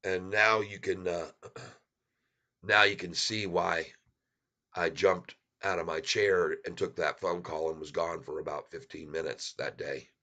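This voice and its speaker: A man's voice: low-pitched, steady tone, measured pace, bright, forceful tone, highs cut off. A man hosting his own channel, talking to viewers in a folksy, rambling, heartfelt way from his home. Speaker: channel host. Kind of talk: casual chat to viewers. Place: home in Michigan.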